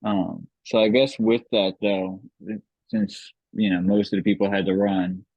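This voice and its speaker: Low-voiced relaxed male podcast host. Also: a little slow, dry recording, lo-fi sound. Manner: relaxed, joking, lots of filler words. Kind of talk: casual group video-call chat.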